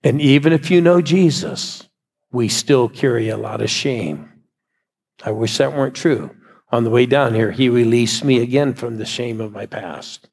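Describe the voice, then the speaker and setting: A man's voice: medium pitch, moderate pace, vocal fry, a little mellow, husky. A male pastor preaching a sermon and leading the congregation in prayer they repeat after him.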